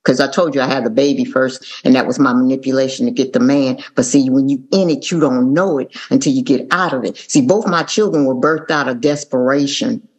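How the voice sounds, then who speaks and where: A woman from Atlanta, sharing her recovery story at a meeting with animated, sassy asides. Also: rumbling low, brisk, hardly any pauses. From Atlanta, Georgia. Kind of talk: personal testimony talk.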